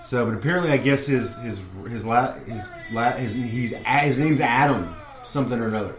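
A man's voice: mid-range voice, moderate pace, faint music behind. A man co-hosting a casual wrestling fan talk show, telling rambling stories and acting out the people he quotes. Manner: rambling storyteller, acts out quotes. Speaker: podcast co-host. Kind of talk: casual chat. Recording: roomy echo.

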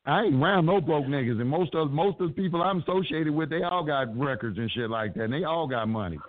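Speaking quickly in an animated voice on the high side, a male interview guest tells his story bluntly and emphatically, cursing heavily the whole way. The dry recording has a tinny, phone-like quality.

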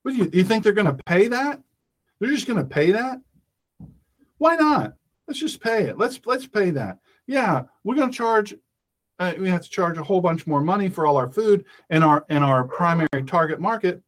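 A man's voice: high voice, animated, normal speed. A man hosting a radio call-in show, ranting emphatically and repeating his points. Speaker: talk radio host. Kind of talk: opinionated radio monologue.

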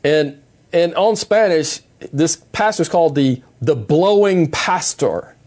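A middle-aged man preaching in a calm, plain-spoken conversational way, often repeating himself and restarting phrases. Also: a little high, slow pace. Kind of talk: conversational sermon.

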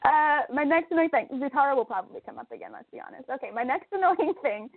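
A woman co-hosts a casual chat in a fairly high voice, animated and quick to laugh. She gets heated and emphatic as she talks. The sound is thin and phone-like, with a dry, close feel. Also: no echo. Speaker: podcast co-host. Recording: tinny phone-like line, dry.

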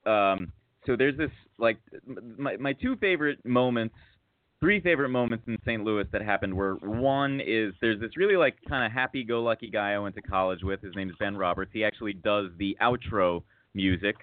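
A man's voice: lowish voice, normal speed, dry recording. Rambling man host telling a story. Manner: rambling, self-mocking, many fillers and restarts. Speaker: podcast host. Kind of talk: casual storytelling chat. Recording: tinny phone-like sound.

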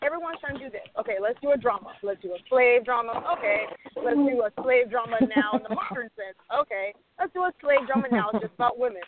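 Emphatic woman on a tinny line. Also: on the high side. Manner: emphatic, acts out quoted dialogue. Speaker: screenwriter on a panel. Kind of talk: animated panel discussion. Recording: tinny phone-like audio.

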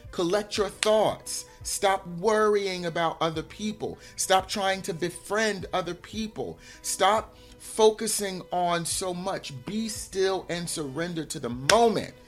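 A man doing a firm middle-aged mother, scolding and insistent, raised pitch, soft music faint behind. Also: slow pace, few pauses. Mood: stern.

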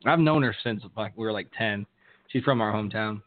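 A man co-hosting a podcast, telling a wild story with lots of swearing and shouted quotes. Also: lowish voice, fairly quick. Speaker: podcast co-host. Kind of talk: casual storytelling chat. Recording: tinny phone-like sound.

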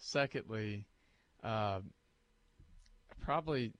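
A man's voice: fairly low pitch, slow, fairly bright tone. A man co-hosting a morning sports radio show in casual, joking talk.

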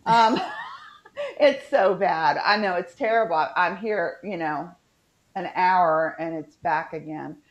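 A woman's voice: fairly low pitch, takes it slowly. A woman from West Virginia with a Southern Appalachian accent, chatting casually and rambling with lots of fillers on a video call podcast. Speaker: podcast co-host. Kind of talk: casual chat.

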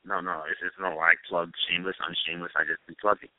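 A man's voice: low voice, little pitch movement, quick pace, background noise. A man co-hosting a casual talk show, joking and boasting in crude banter. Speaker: co-host. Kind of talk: casual chat. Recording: dry, tinny phone-like sound.

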